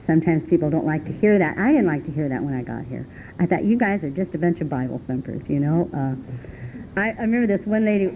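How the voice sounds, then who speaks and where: A middle-aged woman sharing her story at a recovery meeting, rambling and earnest, with many restarts and sudden laughing jumps in pitch. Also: mellow, low-quality recording. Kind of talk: personal testimony talk. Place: meeting room. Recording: faint hum on an old tape recording.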